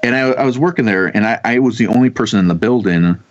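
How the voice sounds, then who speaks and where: A man in his thirties telling a ghost story in casual chat, rambling and halting with many restarts and casual swearing. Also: medium pitch. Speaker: podcast guest telling ghost stories. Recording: dull lo-fi sound.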